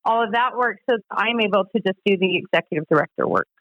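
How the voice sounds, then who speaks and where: A woman in her forties with a Utah accent, a podcast guest telling stories in an animated, laughing way. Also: medium pitch, quick pace, no echo. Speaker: podcast guest, harm reduction director. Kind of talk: casual storytelling chat. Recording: slightly dull dry podcast audio.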